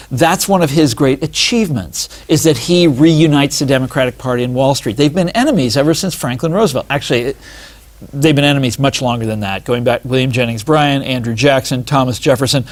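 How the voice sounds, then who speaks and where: A man talking as an author and interview guest, animated and digressive, with many asides and restarts. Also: mid-range voice. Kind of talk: casual interview talk.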